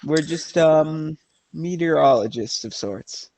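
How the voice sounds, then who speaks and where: A man voicing a polite male adventurer in a tabletop game, halting with fillers. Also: on the high side, darkish tone, no room sound, pitched above the performer's own voice. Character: male adventurer posing as a meteorologist. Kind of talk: tabletop role-play.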